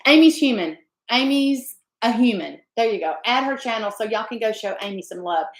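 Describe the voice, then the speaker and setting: A woman's voice: on the high side, animated, normal speed, reverberant. Chatty woman live-streaming. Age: 50s. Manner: chatty and effusive, greeting viewers by name. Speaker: livestream host. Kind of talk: casual live-stream chat reading viewer comments.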